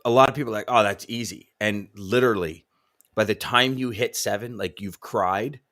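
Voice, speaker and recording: Guy with a lowish voice hosting a live stream, animated, stumbles and repeats himself. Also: normal speed. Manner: animated, repeats words, reads viewer comments aloud. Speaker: podcast host and trucking coach. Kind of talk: casual live-stream chat.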